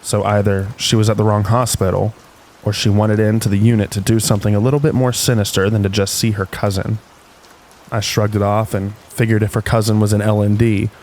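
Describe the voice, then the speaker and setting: A man reading stories aloud in calm, unhurried scripted narration meant for falling asleep. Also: fairly low pitch. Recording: faint rain noise behind.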